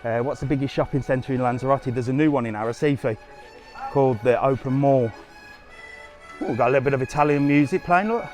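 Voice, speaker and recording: A travel vlogger walks a seaside resort strip with a handheld camera, chatting to viewers in a live vlog and cheekily answering their questions and comments on the go. His voice is medium-pitched and darkish, his pace brisk, with soft background music and light street noise outdoors.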